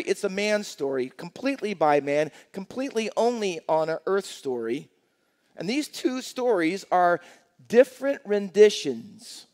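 A man's voice: high voice, darkish tone. A male pastor preaching a sermon to his congregation, telling stories and driving home his points. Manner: storytelling with a joke, acting out characters in quotes. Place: church sanctuary.

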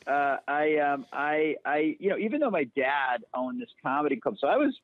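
A man from Detroit, a TV writer, talking casually as an interview guest, rambling and telling animated stories. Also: on the high side, moderate pace, no room sound. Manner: rambling, animated storytelling with quoted voices. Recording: dry, phone-like narrow sound.

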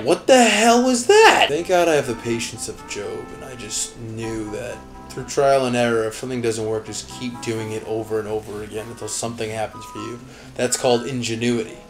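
A young man giving comedic, sarcastic commentary while playing a video game, talking back to the characters on screen. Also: medium pitch. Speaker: gaming channel host. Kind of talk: comedic let's-play commentary.

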